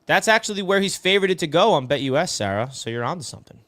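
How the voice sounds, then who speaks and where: A man's voice: fairly high pitch, animated, quick pace, fairly bright tone, no room sound. A man hosting a casual live sports talk stream, reading viewer comments and calling people "bro". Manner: chatty, answers viewer comments, says "bro" a lot.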